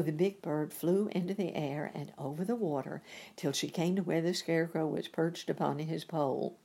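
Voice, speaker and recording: Woman reading a storybook, husky, gravelly, low voice, gentle unhurried pace. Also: fairly even intonation. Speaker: reader. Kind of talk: storybook narration.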